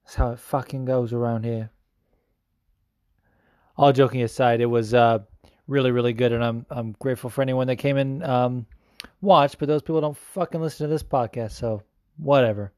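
A man's voice: medium pitch, brisk, dry recording. Young man, podcast host, loose and profane, jokey rambling chat, dry close sound. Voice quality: swears often, rambling and joking. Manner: loose, self-mocking, animated. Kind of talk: casual solo podcast talk about MMA.

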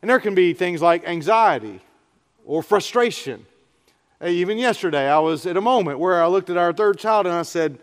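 Middle-aged pastor, high voice, earnest conversational sermon, long church reverb. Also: male voice, fairly quick, smooth. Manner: earnest, conversational preaching with prayerful asides. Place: church sanctuary.

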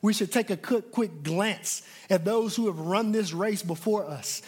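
A man's voice: high-pitched, unhurried, slightly rough. A man preaching a sermon, emphatic, often repeating words as he presses his points. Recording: long hall reverb.

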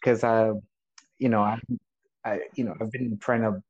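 A man in a casual chat, talking loosely and haltingly, laughing between phrases. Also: lowish voice, level tone. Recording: dull lo-fi sound.

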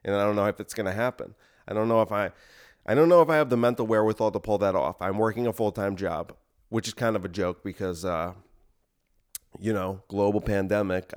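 A man's voice: low-pitched, fairly even intonation, a little fast. A man hosting a podcast, delivering a rambling, self-deprecating comic monologue. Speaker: podcast host.

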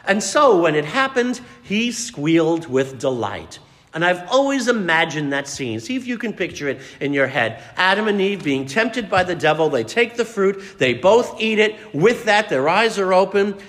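A preacher with a fairly high, lively voice that rises and falls as he tells the story and quizzes his listeners. His words ring with a long reverb through the church. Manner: dramatic storytelling, asks the congregation questions. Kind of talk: sermon.

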